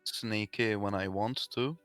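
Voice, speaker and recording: A man's voice: on the low side, a little slow, fairly bright tone, clean tone, dry recording, faint music behind. A man playing a tabletop game, doing a put-on Slavic accent and swearing now and then. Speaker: player.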